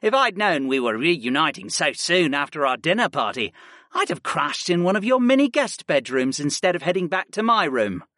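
A man's voice: fairly high pitch, big pitch swings, normal speed, bright, forceful tone, no echo, studio quality, voice pushed up. A man voicing a snobbish, well-groomed young male mage with a fussy, precise way of speaking.

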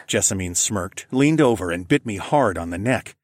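A man narrating an adult story in the first person, with a low, steady reading that livens up in his character's quoted lines. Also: normal speed, no echo, studio quality.

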